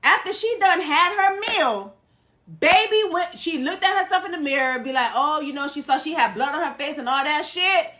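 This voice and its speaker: A woman co-hosting a podcast, recapping a TV series in casual chat, animated and laughing as she acts out characters' lines. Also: high-pitched, normal speed. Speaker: podcast co-host.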